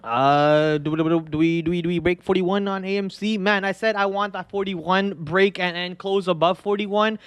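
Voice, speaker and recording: A man hosting a live stock trading show, talking in an excitable, rambling way with many restarts. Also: sits high, smooth, dry recording.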